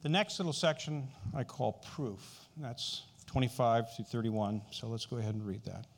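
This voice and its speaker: A man's voice: mid-range voice, normal speed. A man preaching a sermon in a conversational way, often asking the listeners questions.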